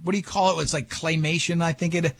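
A man's voice: a little high, steady tone, fast talker, vocal fry, slight background noise. A man hosting a radio show, joking and rambling in casual studio banter with mock-grand asides.

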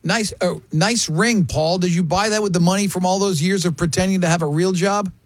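Husky high-voiced man hosting a radio show. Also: fairly even intonation, brisk, no echo. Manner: reads listener comments aloud, laughing often. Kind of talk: casual studio banter.

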